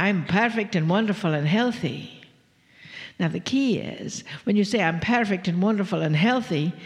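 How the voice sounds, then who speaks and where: Woman channeling a bunch of spirit beings talking as "we", slow and half-whispery with a gravelly edge, big hall echo. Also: fairly low pitch. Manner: slow, drawn-out, half-whispered, playful chuckles. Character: collective spirit beings speaking as "we", gentle and teasing. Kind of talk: channeled spiritual talk to a live audience. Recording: long reverb of a large hall.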